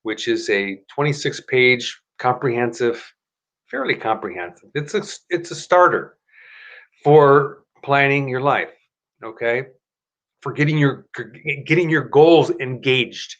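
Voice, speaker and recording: A man's voice: mid-range voice, a little slow, fairly bright tone. Chatty man hosting a live stream. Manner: chatty, rambling, self-correcting, motivational. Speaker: host of a live stream show. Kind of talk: casual live-stream talk and self-help pitch.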